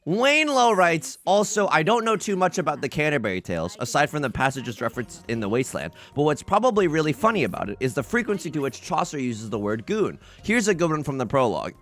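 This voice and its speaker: A young man hosting a casual let's play, talking in an animated, rambling way and laughing often. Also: fairly high pitch, fairly quick, creaky, hardly any pauses. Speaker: host of a game channel.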